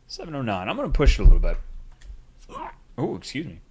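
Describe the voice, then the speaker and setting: A man's voice: mid-range voice, wildly swooping pitch, rapid-fire, a little hiss or hum. A man casually talks through a game as he plays, reading its text aloud with wry remarks. His voice sits mid-range and moves around a lot. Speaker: streamer playing a game. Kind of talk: casual gameplay commentary.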